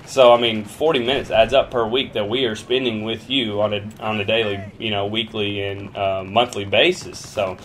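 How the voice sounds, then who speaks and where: A man's voice: lowish voice, flat delivery, moderate pace, hardly any pauses, a bit bright, a little hiss or hum. A young man casually answering viewer questions in a rambling, jokey way, swearing freely. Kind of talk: casual Q and A vlog.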